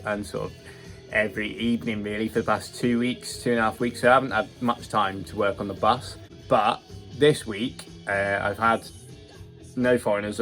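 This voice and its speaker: A man's voice: on the low side, a bit bright. Rambling guy showing his bus build. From United Kingdom. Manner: rambling, self-deprecating, plain-spoken. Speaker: vlogger converting a bus. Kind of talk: casual narrated build vlog. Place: inside a bus being converted.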